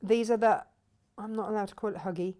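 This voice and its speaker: A woman's voice: medium pitch, steady tone, fast talker, dark tone. A middle-aged woman hosts a casual live stream for a fabric shop. She chats freely, greets viewers by name and reads out their comments, laughing often.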